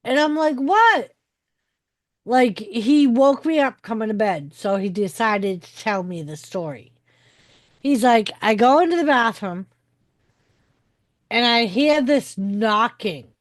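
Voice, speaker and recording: Lively high-voiced woman telling stories. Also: a little slow, dry recording. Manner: animated storytelling, heavy swearing. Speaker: co-host. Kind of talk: casual chat.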